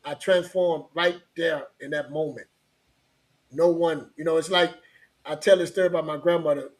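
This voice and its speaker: A man's voice: on the high side, steady tone, normal speed. A man telling a personal story in casual podcast chat, rambling and repeating himself, with frequent laughs.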